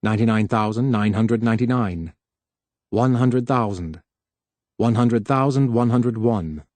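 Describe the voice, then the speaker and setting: Steady male audiobook narrator. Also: fairly low pitch, dry recording. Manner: steady, measured reading. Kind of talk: scripted narration.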